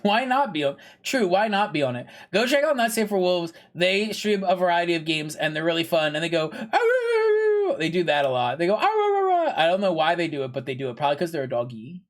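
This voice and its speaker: A man with a voice on the high side streams a video game, talking fast with hardly any pauses. He rambles casually to viewers, packing in fillers and pushy, playful plugs.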